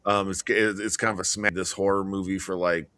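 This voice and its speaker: A man co-hosting a podcast, talking casually and rambling with halting restarts. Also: low-pitched, level tone, pushed and bright, no room sound. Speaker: podcast co-host. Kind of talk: casual chat.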